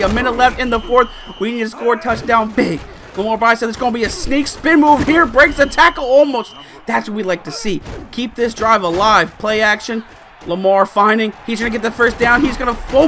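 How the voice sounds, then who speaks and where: A young man giving excited, animated commentary over his own football video game, exclaiming and groaning at each play. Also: very high voice. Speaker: gaming YouTuber.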